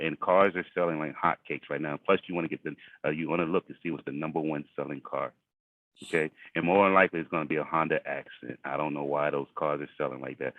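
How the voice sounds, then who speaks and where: A man's voice: very deep voice, no room sound. A man leading a group video call, giving motivational money advice and repeating phrases for emphasis. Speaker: group leader. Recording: tinny phone-like call audio.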